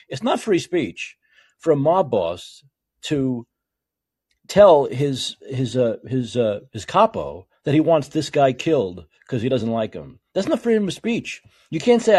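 Husky-voiced man ranting heatedly. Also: medium pitch, a little slow. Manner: heated, sarcastic, profane ranting between calmer read-aloud passages. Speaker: political talk show host. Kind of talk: reading legal documents aloud and ranting.

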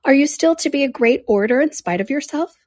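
A woman reading aloud, voicing an eager, passionate young woman in an animated, emphatic manner. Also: high voice, fast talker, no echo, studio quality, voice pushed up. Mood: teasing.

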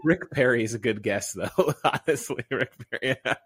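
A man's voice: medium pitch, moderate pace, fairly bright tone, slightly rough. A man co-hosting a comedy podcast, teasing his partner and judging his impressions with easy laughter. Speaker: podcast co-host. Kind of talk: casual comedic banter.

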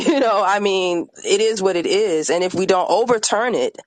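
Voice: medium pitch, moderate pace, dry recording. An independent artist and activist speaking on a podcast, angry and emphatic, swearing often. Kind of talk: impassioned podcast conversation.

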